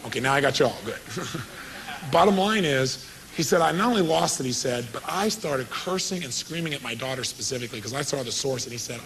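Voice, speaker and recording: Animated man addressing a seminar. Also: medium pitch, a little fast, gravelly, rough recording. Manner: animated storytelling with quoted dialogue and audience questions. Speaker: motivational speaker. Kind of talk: seminar talk to a live audience.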